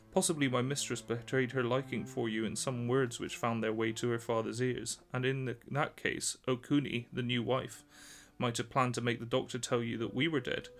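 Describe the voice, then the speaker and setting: A man's voice: mid-range voice, lightly acted. A man reading a story aloud, voicing a young woman servant who talks eagerly and at length. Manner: excited, talkative, pleading.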